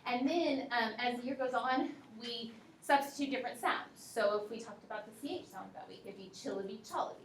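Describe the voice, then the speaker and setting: A woman teacher giving a workshop presentation to other teachers, talking in a relaxed, practical way and speaking straight to her audience. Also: a little high, fairly quick, slight background noise. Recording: echoey room, mic from a distance.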